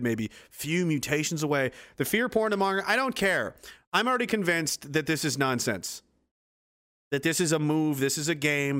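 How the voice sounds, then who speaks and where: A man's voice: on the high side, fairly bright tone. A man from East Coast Canada hosting a livestream, reading out chat comments in a blunt, profane, rambling way.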